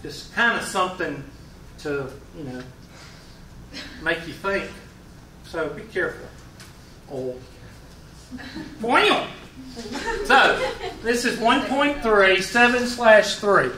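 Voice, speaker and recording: A man with a Southern US accent teaches math in a relaxed, joking way, often tossing questions at the class. His voice is bright and a little high. The recording picks him up from across a roomy classroom, with faint hiss. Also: slow. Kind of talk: classroom lecture. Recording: roomy classroom, mic far away.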